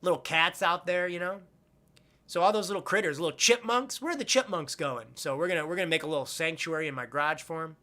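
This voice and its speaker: A man's voice: on the high side, quick pace, bright, forceful tone. A young man hosting a casual live-stream chat, rambling with crude jokes and loose tangents.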